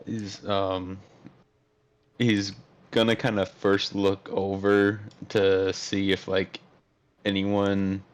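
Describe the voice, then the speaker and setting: Man, tabletop player, low voice, slow halting speech. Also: completely flat delivery. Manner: halting, unsure. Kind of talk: tabletop game chat.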